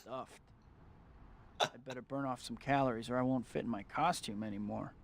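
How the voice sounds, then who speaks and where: A man's voice: mid-range voice, moderate pace, creaky, lightly acted. A man voicing a wry young superhero, Peter Parker. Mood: upbeat. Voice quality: wry, self-mocking inner monologue. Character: young male superhero, wry and guilt-ridden. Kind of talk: video game voice acting. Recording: game audio with loud background noise.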